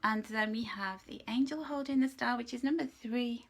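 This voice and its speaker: Gentle emotional woman, slightly high voice. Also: moderate pace, vocal fry. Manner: gentle, soothing and reassuring; emotional, laughs often and drops to soft whispers. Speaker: angel card reader. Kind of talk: live pick-a-card reading.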